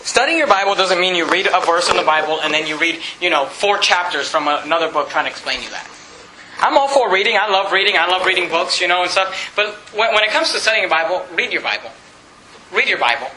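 High bright-voiced man preaching in an echoey church. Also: lively intonation, slight background noise. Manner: emphatic preaching, repeats scripture references, reads King James verses slowly. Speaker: pastor. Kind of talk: sermon.

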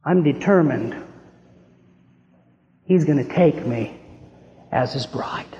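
A man preaching a sermon as a pastor, impassioned, swinging between hushed and rising pleading. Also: fairly high pitch, slow pace, dull audio. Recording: long hall reverb.

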